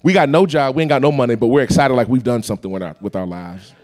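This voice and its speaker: A man preaching a storytelling sermon, animated and acting out voices and sounds. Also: medium pitch, fast talker. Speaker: pastor.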